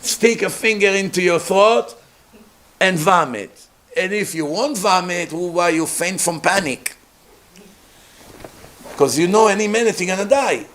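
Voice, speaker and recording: Animated man giving a Torah lecture. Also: unhurried, long pauses. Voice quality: non-native English grammar. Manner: animated storytelling, acts out characters with big pitch jumps. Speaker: rabbi.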